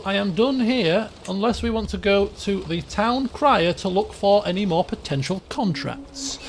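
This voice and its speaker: A man with a high voice hosts a casual let's-play roleplay, switching between reading story passages and rambling offhand chat, often restarting his sentences. There's a little hiss or hum in the recording.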